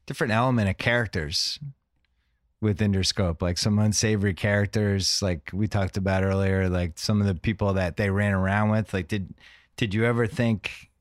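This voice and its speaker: Podcast host, man, low voice, dry close mic, casual filler-heavy questions. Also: steady tone, moderate pace, no echo.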